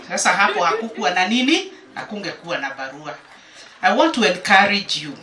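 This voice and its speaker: A woman's voice: medium pitch, expressive, a little fast, sharp tone, roomy sound, distant mic, soft background music. A woman giving a teacherly speech to schoolgirls, explaining a poem and switching between English and Swahili. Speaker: guest speaker.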